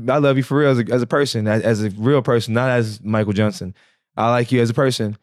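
A man's voice: medium pitch, steady tone, fast talker, no echo, clean studio sound. A man co-hosting a podcast, teasing and slangy, laughing a lot as he chats. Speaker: podcast co-host. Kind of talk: casual chat.

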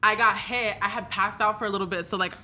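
A woman's voice: medium pitch, steady tone, fast talker, pushed and bright. A woman guest recounting events in a casual interview, rambling with many fillers and some swearing.

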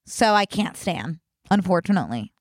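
A woman's voice: fairly low pitch, big pitch swings, normal speed, no echo, clean studio sound. A young woman co-hosting a casual podcast, chatty and candid, laughing easily. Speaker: podcast co-host. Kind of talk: casual chat.

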